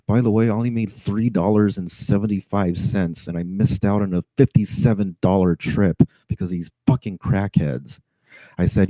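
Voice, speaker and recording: A man's voice: low voice, steady tone, moderate pace, warm tone, no echo, poor audio. A man who drives for a rideshare service, telling a story to camera in an agitated, stammering way, sighing and swearing, on edge.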